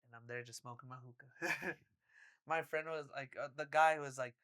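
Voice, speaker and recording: A young adult podcast co-host telling a story in casual chat, animated and full of swearing, acting out quotes loudly. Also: medium pitch, normal speed.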